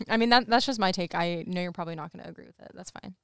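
A woman's voice: fairly low pitch, fast, creaky, clear, resonant tone, no room sound, studio quality. A woman co-hosting a podcast, recapping a movie in casual chat, laughing often and acting out the characters' lines. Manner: laughs often, animated retelling with quoted voices. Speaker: podcast co-host.

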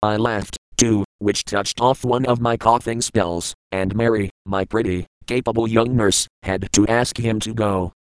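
A man reading an audiobook in the first person, at a measured and reflective pace. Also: lowish voice, fairly even intonation, smooth, no echo, poor audio. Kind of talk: audiobook narration.

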